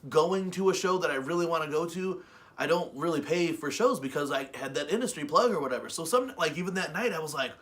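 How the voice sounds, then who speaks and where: A man co-hosting a webshow, telling stories in a rambling, profane, animated way. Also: a little high, fast. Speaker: webshow co-host. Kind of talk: casual chat.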